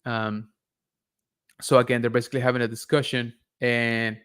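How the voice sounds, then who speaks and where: A man's voice: mid-range voice, level tone, moderate pace, a bit bright, smooth. A young man hosting a casual live-stream show breakdown, talking in a rambling, enthusiastic way with many fillers. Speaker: host.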